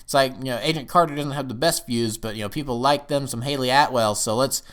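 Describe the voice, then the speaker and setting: A man reviewing a TV episode in casual talk. He rambles and sometimes jumps up excitedly. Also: mid-range voice, fast talker.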